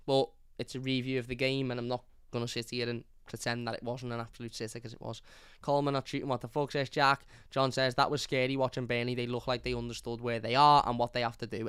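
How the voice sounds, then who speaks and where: A man's voice: mid-range voice, fairly bright tone, smooth, no echo, studio quality. A young man, hosting a fan channel and reviewing a match live, blunt and opinionated, reading out chat comments. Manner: blunt, opinionated, repeats points.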